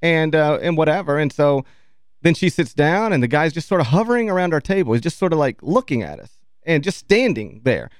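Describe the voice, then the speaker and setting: A man co-hosting a radio show, telling an anecdote in a lively way, acting out quotes and laughing often. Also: on the high side, brisk, clear, resonant tone, no room sound, studio quality. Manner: animated anecdote teller who laughs often and acts out quotes. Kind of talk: casual storytelling chat. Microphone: studio microphone.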